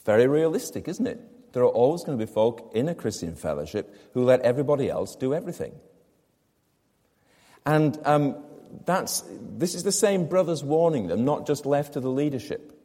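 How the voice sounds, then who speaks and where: Man, preacher, sermon, expository, rhetorical questions, warm mellow tone, church reverb. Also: mid-range voice, animated, normal speed.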